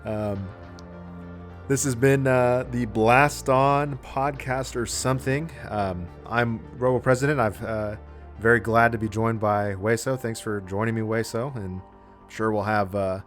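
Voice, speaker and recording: A man hosting a casual gaming podcast, relaxed and rambling with plenty of fillers. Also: fairly low pitch, unhurried, faint music behind. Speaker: podcast host.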